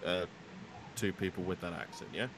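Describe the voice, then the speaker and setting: Deep-voiced hesitant male game master. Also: lively intonation, moderate pace, vocal fry, a bit bright, low-quality recording. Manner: hesitant, filler-heavy, sort of rambling. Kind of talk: narrating a tabletop game.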